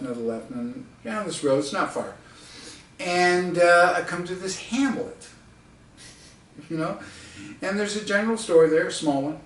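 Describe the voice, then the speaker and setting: A man from the United States spins a casual anecdote with laughs and asides. His voice sits a little high. He sounds set back from the mic in a roomy, echoing space. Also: recorded from a distance. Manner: chatty, laughing often, with fillers and asides. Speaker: storyteller and author.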